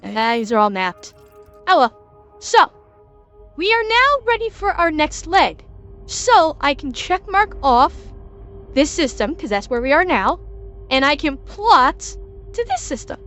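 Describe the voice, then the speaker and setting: A woman's voice: high-pitched, big pitch swings, slow, pauses often, fairly bright tone, soft background music. A woman streamer giving a casual game tutorial, talking her viewers through each step as she plays. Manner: chatty, explains step by step while addressing chat. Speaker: game streamer teaching a lesson.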